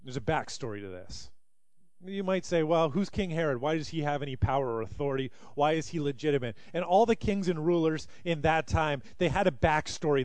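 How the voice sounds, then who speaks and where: A man with a high voice preaches a sermon, close and dry on the mic. He tells the story with animation and slips into the voices of the people he quotes. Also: a little mellow, dry recording. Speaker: pastor.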